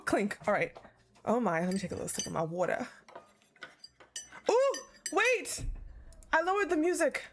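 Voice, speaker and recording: A woman streaming a game playthrough, chatting excitedly and reading the game text aloud. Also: fairly high pitch, moderate pace, long pauses, faint music behind. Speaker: gaming streamer. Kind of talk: live game playthrough commentary.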